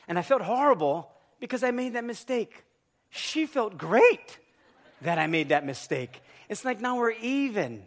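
A man with a fairly high, very expressive voice delivers a sermon. He tells funny stories from his own life and acts out every voice in the dialogue himself, from his wife's lines to his own. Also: normal speed. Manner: animated storyteller who acts out both sides of dialogue. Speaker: pastor. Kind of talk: sermon with a humorous personal story.

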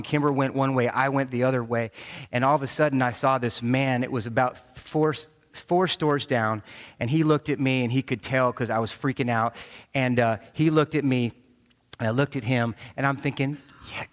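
A man in his thirties preaching a sermon, telling a personal story with animated quoted voices. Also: mid-range voice. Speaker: pastor. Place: large church auditorium. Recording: long hall reverb.

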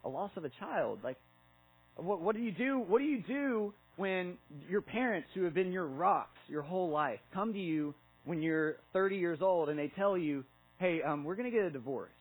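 Conversational young pastor preaching. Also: male voice, high-pitched, moderate pace, breathy edge, low-quality recording. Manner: conversational, animated storytelling with filler words. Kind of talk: sermon.

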